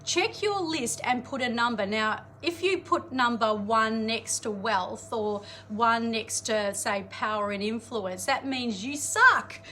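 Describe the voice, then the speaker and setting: A woman, coaching an audience in a chatty, energetic live-streamed motivational talk, greeting viewers and laughing often. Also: a little high, slow pace, hardly any pauses, a little hiss or hum. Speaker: life coach.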